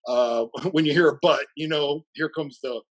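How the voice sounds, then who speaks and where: A man's voice: fairly high pitch, moderate pace, low-quality recording. A man being interviewed as a coach, chatting casually and animatedly, acting out bits of dialogue and laughing often. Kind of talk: casual conversational storytelling.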